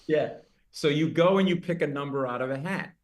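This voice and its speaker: A middle-aged man, a comedian guest, telling a lively story in an interview and breaking into loud, high voices for the people in it. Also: fairly quick. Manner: animated anecdote with loud high character voices.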